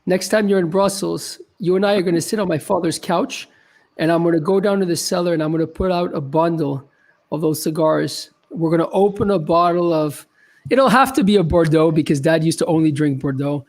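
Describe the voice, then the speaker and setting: A man's voice: fairly high pitch, fairly quick, a little mellow. A man hosting a casual chat, upbeat and enthusiastic as he introduces guests and banters. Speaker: host.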